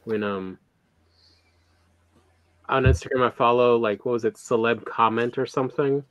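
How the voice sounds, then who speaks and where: A man's voice: medium pitch, steady tone, moderate pace, a bit bright, dry recording. A man streaming a game, chatting casually in a rambling way and often trailing off mid-thought. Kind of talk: casual gaming chat.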